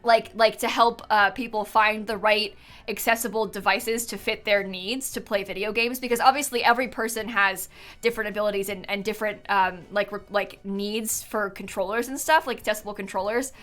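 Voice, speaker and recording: Bright-voiced chatty woman streamer. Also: mid-range voice, steady tone, fairly quick, faint music behind. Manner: chatty, giggly, thinks aloud with many fillers. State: yawning, tired. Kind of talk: casual live-stream chat while building.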